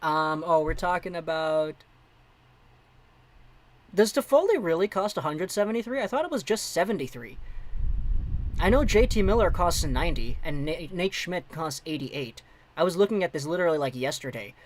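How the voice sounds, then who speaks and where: Young dude rambling about hockey on a stream, voice sits a bit high. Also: male voice, expressive, moderate pace, low-quality recording. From Vancouver, Canada. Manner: chatty, reads out and answers viewer chat. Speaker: livestream host. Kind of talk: casual hockey livestream chat.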